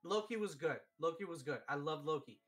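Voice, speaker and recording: A man hosting a live stream, chatting casually and telling stories excitedly, with lots of fillers. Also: on the high side, a little fast, soft background music. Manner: excitable, animated storytelling with many fillers. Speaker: streamer host. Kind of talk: casual chat.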